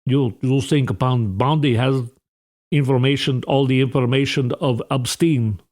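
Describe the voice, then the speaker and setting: A man attempting a halting Russian strongman voice. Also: mid-range voice, steady tone, darkish tone, close to an everyday voice. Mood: menacing. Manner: halting, unsure stab at a foreign accent. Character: mock Russian strongman making threats, male.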